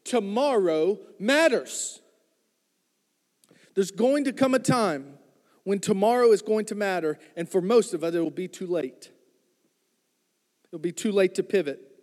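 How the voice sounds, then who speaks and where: A man's voice: high voice, expressive, measured pace, pauses often, a little mellow, long reverb tail. A man preaching a sermon, reading scripture and retelling it in a joking, conversational way, calling out to the congregation. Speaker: pastor.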